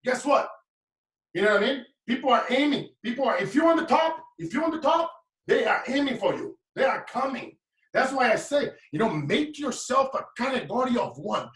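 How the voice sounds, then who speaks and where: An impassioned Brazilian man in his late 30s, appearing as a motivational speaker guest, delivers a preaching, repetitive, emphatic talk. His bright, high voice has lively intonation and a moderate pace. The room is echoey and the mic sits at a distance.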